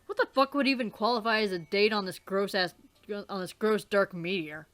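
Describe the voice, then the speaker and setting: A woman voicing a cool, deadpan teenage boy who talks low and flat. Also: a little fast, natural voice.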